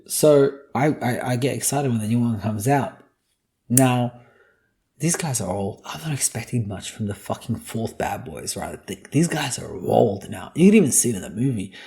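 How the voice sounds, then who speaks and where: A gravelly-voiced young man riffing alone on his podcast. He swears freely and jokes through his rant, with a mid-pitched voice. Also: lively intonation, normal speed, warm tone. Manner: profane, joking, ranting. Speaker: podcast host. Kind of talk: casual solo podcast monologue.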